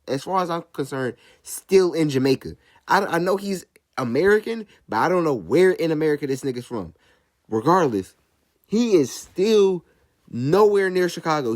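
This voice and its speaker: A man's voice: fairly high pitch, no echo, studio quality. Blunt Southern young man ranting. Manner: blunt, profane, animated ranting. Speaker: YouTuber. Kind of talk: casual commentary.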